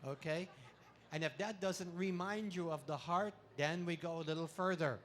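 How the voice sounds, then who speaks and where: A man giving a playful talk to an audience at an expo, full of deadpan puns and laughter exercises, speaking into a handheld mic. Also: on the high side, moderate pace, a little hiss or hum. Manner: pun-filled deadpan jokes. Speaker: comedic spiritual speaker.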